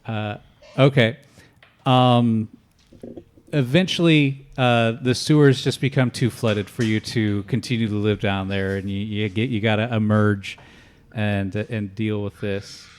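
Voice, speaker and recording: A man narrating an improvised tabletop game as game master, halting and restarting often. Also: fairly low pitch, fairly even intonation, smooth. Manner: halting, full of fillers and restarts.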